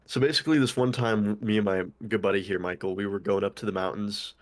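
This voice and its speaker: A man's voice: on the low side, fairly even intonation, fast talker. A young man co-hosting a podcast in casual chat, rambling with lots of "like" and casual swearing. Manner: rambling, heavy use of "like", swears freely. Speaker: podcast co-host.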